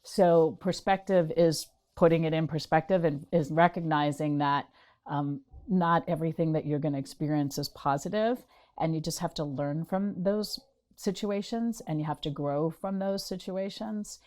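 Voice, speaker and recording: A middle-aged woman, a guest in an interview, telling her story in a lively way and acting out what others said. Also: deep voice, moderate pace. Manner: animated storyteller acting out quotes.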